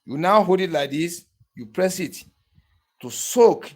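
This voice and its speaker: A man with a slightly raised pitch walks the viewer through a practical demonstration. He repeats each step several times. He keeps asking whether they can see it. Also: expressive, measured pace, a little mellow. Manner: repetitive step-by-step instructions, keeps checking the viewer follows. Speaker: barber tool instructor. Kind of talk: hands-on tutorial demonstration.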